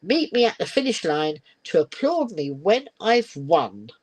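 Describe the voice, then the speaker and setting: Woman voicing a snail, proud, hurried, snappy, high-pitched, storybook reading. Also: sing-song, a little mellow, a little hiss or hum. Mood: boastful. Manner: brisk and snappy, then tearful. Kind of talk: reading a picture book aloud.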